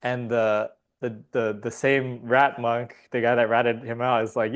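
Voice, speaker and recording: Male podcast guest, rambling, laughing, swearing, casual chat, mid pitch. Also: little pitch movement, unhurried.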